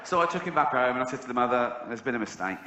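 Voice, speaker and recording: This middle-aged English stand-up talks very fast on a big theatre stage, telling dry, deadpan stories punctuated by high-pitched shrieks as he acts out other people. The audio is dull, with roomy hall acoustics and audience laughter.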